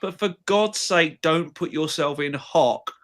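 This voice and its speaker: A man's voice: fairly high pitch, measured pace, fairly bright tone. A man co-hosting a live audio Q&A, telling blunt anecdotes in casual chat. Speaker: co-host.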